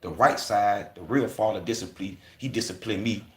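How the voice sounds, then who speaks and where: A low-voiced man riffing on a livestream in loose, profane street slang. He speaks casually and breaks into quoted voices as he talks. The sound is echoey and roomy. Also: moderate pace. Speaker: livestream host.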